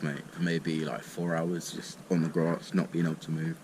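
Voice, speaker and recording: A man's voice: extremely low pitch, level tone, moderate pace, rough recording. A man telling a rambling, sweary story in a laid-back way, smoking as he talks. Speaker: vlogger. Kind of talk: casual storytime. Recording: noticeable background noise.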